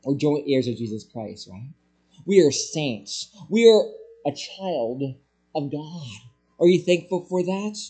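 Male pastor in his sermon, a little high-pitched, emphatic, loud-to-soft swings, rhetorical questions. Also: expressive, takes it slowly, slightly rough, faint music behind.

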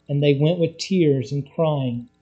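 Male preacher, sermon storytelling, animated delivery, warm and a bit high. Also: slow, highs cut off, soft background music. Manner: animated storytelling, quoting scripture, rising to loud bursts.

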